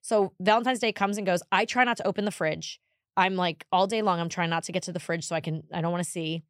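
A woman in her forties co-hosting a podcast, telling stories in a casual, animated way with bursts of exasperated emphasis. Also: lowish voice, quick pace, dry recording, studio quality. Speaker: podcast co-host. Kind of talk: casual chat, storytelling.

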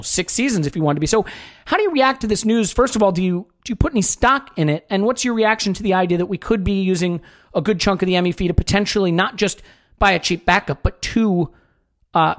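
A man's voice: high-pitched, fast talker. A man hosting a sports podcast, chatting casually in a wry, joking, rambling way. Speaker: podcast host.

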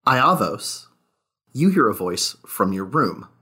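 A man's voice: on the low side, very animated, slow, pushed and bright, slightly rough. A man narrating a tabletop game as game master, in a laid-back way, asking the players questions.

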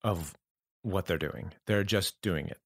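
A man talking as a podcast guest, reflective and halting, often restarting his sentences as he thinks aloud. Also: low-pitched, no echo, studio quality. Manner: halting, thoughtful, many restarts. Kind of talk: reflective conversation.

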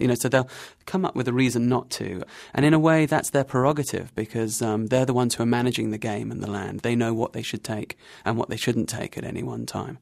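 A man interviewed about his travels, telling his story in an animated, wry way and laughing at himself. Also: medium pitch, quick pace, gravelly, hardly any pauses, dry recording, studio quality. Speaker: interview guest.

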